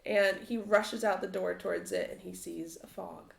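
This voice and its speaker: A woman narrating a tabletop game as game master, halting with many fillers. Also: medium pitch, fairly even intonation, creaky, a little hiss or hum. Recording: roomy echo.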